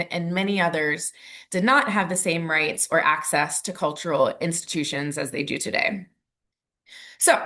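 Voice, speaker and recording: A woman's voice: lowish voice, pushed and bright. A woman from McKeesport with a Pittsburgh accent, moderating a panel discussion over a video call. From McKeesport, Pennsylvania.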